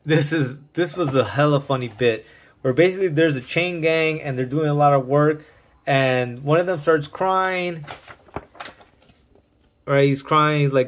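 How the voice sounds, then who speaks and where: A man's voice: a little high, a little slow, slight background noise. A man casually reviewing an underground comic book on video, talking with loose slang, plenty of swearing and open enthusiasm.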